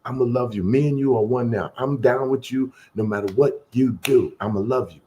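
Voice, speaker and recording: A man co-hosting, telling a personal story in an earnest, slow and heartfelt way. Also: medium pitch, warm tone, a little hiss or hum.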